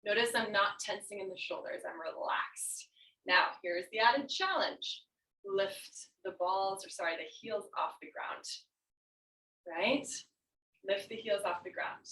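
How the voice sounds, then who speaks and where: Woman yoga instructor, calm cueing, a bit winded, echoey distant room sound. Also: medium pitch, measured pace. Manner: calm, cueing breaths and poses while demonstrating. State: out of breath. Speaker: yoga teacher. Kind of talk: guided yoga class instruction. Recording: roomy, mic at a distance.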